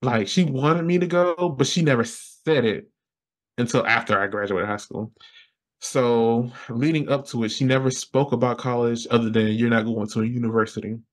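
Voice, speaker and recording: Young guy on a podcast, animated storytelling, lots of laughs, jumps up high when quoting himself. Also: moderate pace. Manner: animated, laughing, acting out his own past lines. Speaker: podcast guest. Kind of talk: personal storytelling.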